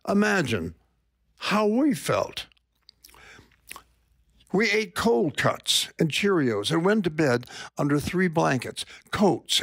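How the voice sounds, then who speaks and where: A man's voice: on the high side, creaky, a bit bright, dry recording, studio quality. An older man reading his own column aloud as wry, dramatic personal storytelling.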